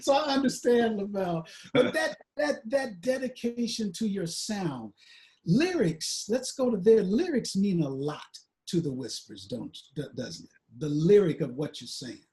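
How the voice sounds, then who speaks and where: A male interview host with a noticeably high voice. He is lively and affirming, encouraging his guests as they talk. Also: a little slow. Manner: enthusiastic, affirming. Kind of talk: interview conversation.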